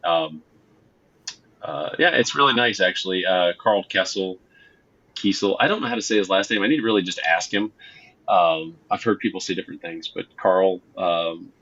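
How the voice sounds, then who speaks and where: Deep bright-voiced man telling stories. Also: normal speed, lo-fi sound. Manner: excitable storyteller, acts out quotes, many fillers. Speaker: comic book writer, guest. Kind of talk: casual interview chat.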